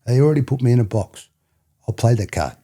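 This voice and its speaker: A man's voice: mid-range voice, animated, quick pace, dark tone. An Australian man telling stories as a podcast guest, rambling and repeating himself, often checking in with "you know what I mean". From New South Wales, Australia. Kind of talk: storytelling interview.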